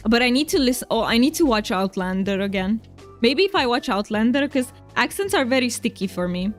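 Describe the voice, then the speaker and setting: A woman's voice: on the high side, animated, brisk, soft background music. Chatty Romanian-accented woman streamer. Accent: Romanian, played up for fun. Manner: chatty and kind, talks straight to chat viewers, laughs easily. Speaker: game streamer. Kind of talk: casual live-stream chat while gaming.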